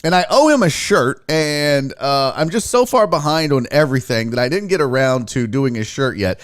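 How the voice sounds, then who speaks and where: A man's voice: mid-range voice, animated, normal speed, dry recording, studio quality. A man hosting a sports live stream, rambling and joking with a profane, casual manner as he greets viewers by name. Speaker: sports show host.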